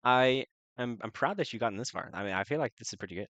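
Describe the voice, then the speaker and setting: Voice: mid-range voice, lively intonation, quick pace, fairly bright tone, no room sound. A player in a tabletop game who talks hesitantly with many fillers and laughs often. The recording is dry, with no room sound.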